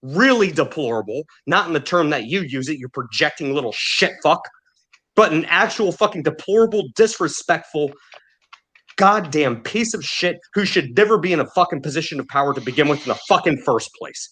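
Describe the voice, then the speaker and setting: A man tears into his target with a relentless, profane tirade. His voice sits a touch higher than most men's, and he spits insults at full anger in a loose podcast rant. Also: lively intonation, brisk, slightly rough. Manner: furious, heavily profane, shouting insults. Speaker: podcast host.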